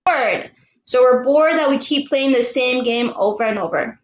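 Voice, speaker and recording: A woman coach teaching a live online lesson to girls, patient and encouraging, repeating each question slowly for the kids. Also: high voice, reverberant, muffled recording. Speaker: youth sports coach.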